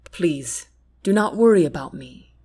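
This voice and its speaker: A woman voicing a calm, kind young prince in an audiobook, speaking softly and earnestly. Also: lowish voice, measured pace, breathy edge, pitched below the performer's own voice. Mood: gentle. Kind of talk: audiobook character reading.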